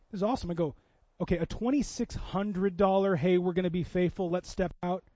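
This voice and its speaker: High-voiced pastor preaching. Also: male voice, darkish tone, no echo, lo-fi sound. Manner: conversational, builds to impassioned preaching. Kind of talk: sermon storytelling. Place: church.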